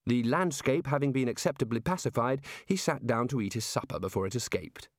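A man narrating a comic fantasy audiobook with a dry, measured comic delivery. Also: mid-range voice, dry recording. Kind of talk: scripted narration.

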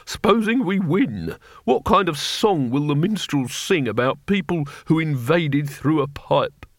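A man voicing a wary, complaining old male barbarian with a slow, doubtful grumble. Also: on the high side, animated, dry recording, studio quality.

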